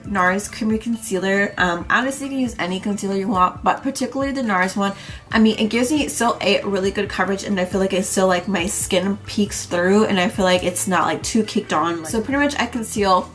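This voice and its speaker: A woman's voice: mid-range voice, a little fast, fairly bright tone, faint music behind. A young woman vlogger, a little congested, chatting through her everyday makeup routine in a rambling casual way with lots of fillers. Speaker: beauty vlogger. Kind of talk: casual makeup tutorial chat.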